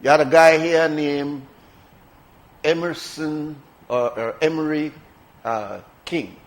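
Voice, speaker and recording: A man's voice: on the high side, steady tone, slow, poor audio. A man with a Belizean accent hosting a morning radio talk show, chatting casually and repeating words for emphasis. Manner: conversational, emphatic with repetition.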